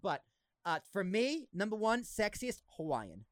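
A man with a Boston accent chats on his podcast in a high voice that swings up and down a lot, animated and joking. The sound is close and dry, with no room echo. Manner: animated, joking, quick to laugh. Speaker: podcast host. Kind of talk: casual podcast chat.

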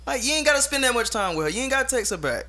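A man in casual podcast chat, animated and quick with his retorts. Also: extremely high pitch.

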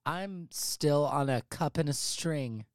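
A man's voice: on the high side, slow pace, smooth, dry recording, clean studio sound. A man hosting a casual comedy movie podcast from a home office, talking in a profane, hyperbolic, rambling way. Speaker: podcast host.

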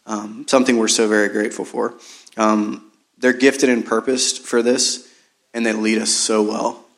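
Hoarse church team leader with a gravelly voice. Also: male voice, lowish voice, level tone, normal speed, a bit bright. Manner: loose and rambling, with fillers. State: hoarse voice from singing. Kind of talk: casual church talk. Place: church service in a large room.

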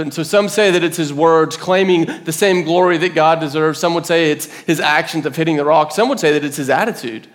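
A man's voice: on the high side, fairly quick, few pauses. A man in his thirties preaching a sermon as a pastor, telling stories and acting out the voices he quotes. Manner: storytelling, acts out quoted voices. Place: church hall.

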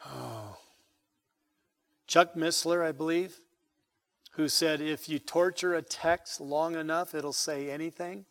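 A male pastor preaching with emphatic force, his voice pitched a bit above the usual for a man. He builds loud on key phrases, then falls soft at the close of each line. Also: takes it slowly, long pauses. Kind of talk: sermon.

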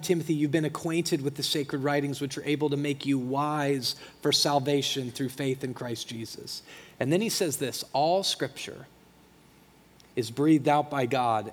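A man's voice: a little high, husky. A middle-aged male pastor preaching a passionate, emotional sermon with emphatic repetition in a church. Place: church sanctuary. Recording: long hall reverb.

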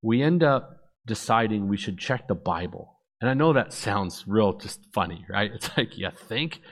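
A man in his thirties giving a personal testimony, an animated storyteller who acts out the dialogue. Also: lowish voice, normal speed.

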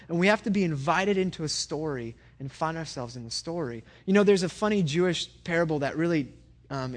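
A man preaching a sermon in a conversational way, often stumbling and repeating words as he restarts. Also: a little high. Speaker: pastor.

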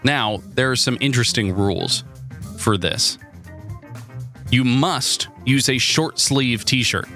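A man with a bright, crisp voice at a middling pitch, hosting a casual podcast with rambling, stammering delivery. He runs the segments and tells stories between laughs, with music faint under him. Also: slow pace. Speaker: podcast host. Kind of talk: casual comedic chat.

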